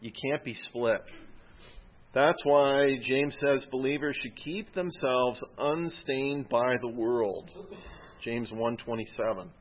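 A man's voice: medium pitch, slow, muffled recording, slight background noise. A man preaching a sermon in a conversational teaching style, asking rhetorical questions and reading scripture aloud with rising emphasis.

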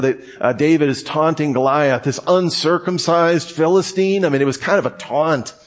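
A man preaching to his congregation, his voice a bit higher than most. He talks in a relaxed, conversational way and slips in joking asides. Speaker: pastor. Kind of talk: sermon.

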